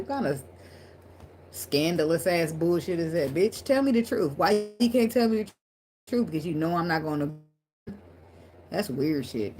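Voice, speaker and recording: A woman's voice: sits low, darkish tone, a little hiss or hum. A woman giving a casual tarot reading to her viewers, talking bluntly with plenty of swearing and laughter. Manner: blunt, profane and laughing, talks straight to viewers. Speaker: tarot reader.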